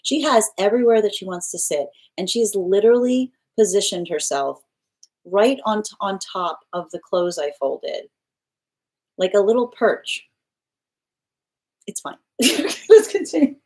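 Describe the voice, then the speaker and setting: A woman's voice: medium pitch, unhurried, long pauses, a little mellow. Chatty woman tarot reader on a live stream. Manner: chatty and loose, laughs often, restarts sentences. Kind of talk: casual live-stream chat, reading viewer comments. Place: at home with her pet nearby.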